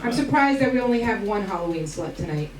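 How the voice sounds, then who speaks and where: A woman's voice: mid-range voice, lively intonation, fast talker. A woman comedian doing stand-up, teasing the audience in a brash, profane way. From Albania. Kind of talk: stand-up comedy with crowd work. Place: comedy club stage before a live audience. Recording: roomy club sound, distant, crowd noise.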